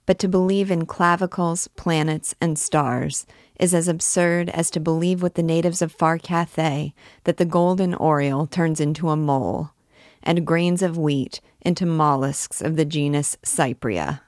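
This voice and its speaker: A woman's voice: sits low, fairly even intonation, measured pace, a little mellow, dry recording, studio quality. A woman reading as a fiery, grandiose archdeacon. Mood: lecturing. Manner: grandiose, declaiming. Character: fiery, proud male archdeacon alchemist, middle-aged.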